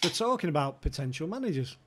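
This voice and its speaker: A man's voice: a little high, sing-song, fast talker, noisy background. A man telling stories casually, swearing and laughing as he goes. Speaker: podcast guest, former club insider. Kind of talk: casual storytelling chat.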